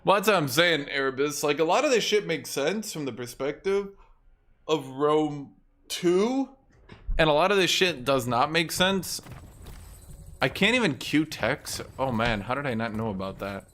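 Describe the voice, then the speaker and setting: A man giving casual, ranting gameplay commentary, animated and profane, as a content creator. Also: fairly high pitch, moderate pace.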